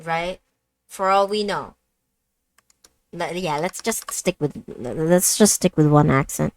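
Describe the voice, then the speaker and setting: A woman's voice: lowish voice, slow, pauses often, a little mellow, dry recording. A woman playing a game and chatting casually, with joking asides and mumbled remarks. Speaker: game streamer. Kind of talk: casual let's-play commentary, reading game dialogue aloud.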